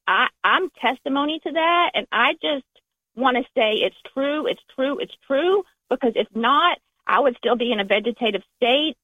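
Southern woman caller, high voice, tinny phone line, warm and gushing. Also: no echo. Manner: warm, gushing, restarts her phrases. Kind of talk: call-in phone conversation.

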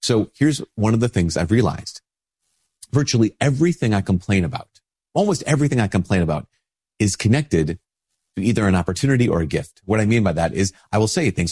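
Husky-voiced priest with a cold. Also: male voice, lowish voice, lively intonation, brisk, a little mellow. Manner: conversational, informal, with many restarts and "like". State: sick with a stuffy nose. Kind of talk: casual spoken reflection.

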